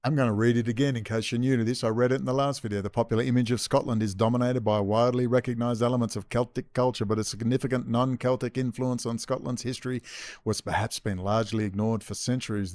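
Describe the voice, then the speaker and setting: A man's voice: mid-range voice, fairly even intonation, fast talker, darkish tone, dry recording. A man hosting a commentary video, reading texts aloud with sarcastic asides. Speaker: video host.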